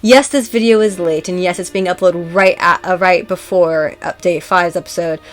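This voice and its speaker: A woman's voice: on the low side, moderate pace, faint music behind. An American woman hosting a casual chat, rambling and self-deprecating, with lots of fillers. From United States. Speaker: host.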